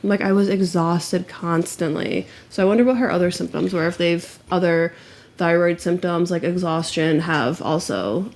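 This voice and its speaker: A woman's voice: fairly low pitch, moderate pace, a little mellow. Chatty young woman co-hosting a podcast. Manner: chatty, candid, swears casually. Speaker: podcast co-host. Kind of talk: casual chat, reading stories aloud.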